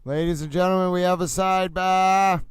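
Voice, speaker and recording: A man hosting a live commentary stream on a trial, excitable and given to repeated exclamations, speaking close to the mic. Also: high-pitched, normal speed, clean tone, dry recording, rough recording. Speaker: livestream host.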